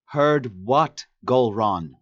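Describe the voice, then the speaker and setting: A man voicing a blunt, tired human woman who talks in a direct, sharp-tongued way. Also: medium pitch, expressive, moderate pace, lo-fi sound, natural voice. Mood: urgent.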